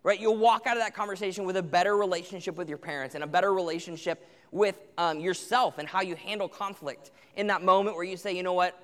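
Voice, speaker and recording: A man's voice: high voice, steady tone, quick pace, hardly any pauses. Young man preaching in a reverberant hall. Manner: conversational, acts out parent and teen quotes. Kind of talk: sermon to teens.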